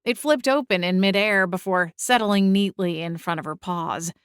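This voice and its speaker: A young adult woman narrating a first-person audiobook, expressive and exasperated in the dialogue. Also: mid-range voice, normal speed, clean tone, dry recording, studio quality.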